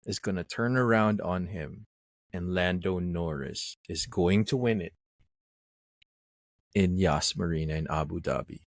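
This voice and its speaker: A man's voice: low voice, no echo. A man co-hosting a casual podcast chat, talking emphatically with frequent fillers. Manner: emphatic, bold predictions, many fillers. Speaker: podcast co-host.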